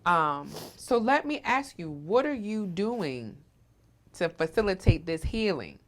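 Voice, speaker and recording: A woman's voice: on the low side, big pitch swings, slow, a little hiss or hum. A woman hosting an interview, affirming and emphatic, often tagging her points with "right?". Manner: affirming, emphatic, frequent "right?" tag questions. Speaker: interviewer and host. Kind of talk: supportive conversational interview.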